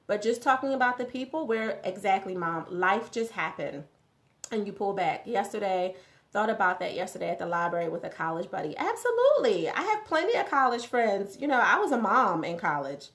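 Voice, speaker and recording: A woman's voice: mid-range voice, expressive, brisk, a bit bright. A woman hosting a morning motivational live stream. She talks conversationally, repeats phrases for emphasis and answers viewers' comments as they come in.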